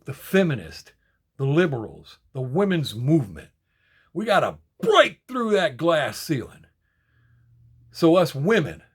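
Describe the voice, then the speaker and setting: An older man vlogging in a casual, heated, rambling rant, indignant and repeating himself. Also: fairly high pitch. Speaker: die-cast collecting vlogger. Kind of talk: casual ranting monologue.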